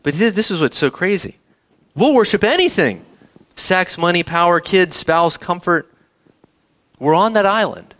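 A man delivers a sermon in a high voice that leaps up and down. He reads scripture aloud and keeps turning to the congregation with questions, speaking to the kids as well. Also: a little slow, pauses often. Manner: animated preaching, asks the audience questions, addresses kids. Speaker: pastor.

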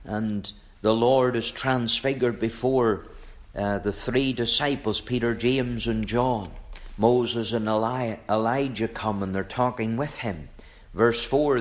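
A man preaching a sermon in a measured, emphatic way, repeating phrases for weight. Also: medium pitch, steady tone.

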